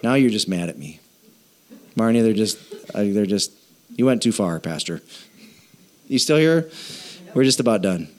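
A man, a pastor, preaching a sermon in a playful way, acting out little dialogues in quick voices. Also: lowish voice, lively intonation, darkish tone.

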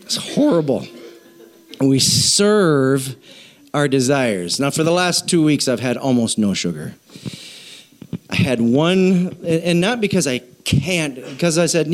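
A middle-aged man preaching a sermon as pastor, telling a self-mocking story in an animated way. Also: on the high side, unhurried.

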